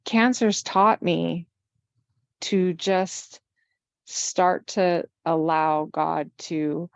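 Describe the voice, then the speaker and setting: A woman's voice: lowish voice, drawn-out words, creaky, clear, resonant tone, dry recording, dull audio. A woman in her fifties, a podcast guest, speaking earnestly and reflectively in a candid conversation. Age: 50s.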